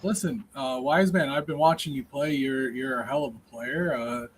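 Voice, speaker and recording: A man hosting a stream show in casual banter, chatty, with lots of fillers and quick affirmations. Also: mid-range voice, a little hiss or hum, poor audio. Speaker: show host.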